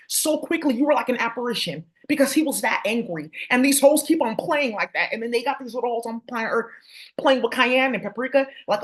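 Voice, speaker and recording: A woman vlogger talking casually to her viewers, rambling, swearing and turning confrontational. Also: fairly high pitch. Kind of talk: casual spiritual rant to viewers.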